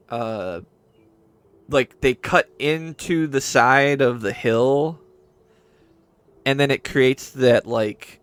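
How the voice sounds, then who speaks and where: Male game master, unhurried, bright forceful tone, rambly and full of fillers. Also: medium pitch. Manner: mutters to himself while searching notes. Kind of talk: casual tabletop game narration.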